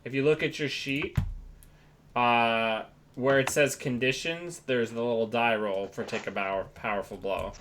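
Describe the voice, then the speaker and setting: A man's voice: medium pitch, fairly even intonation, normal speed, fairly bright tone, a little hiss or hum. A man narrating a tabletop game as game master, describing scenes loosely with many fillers.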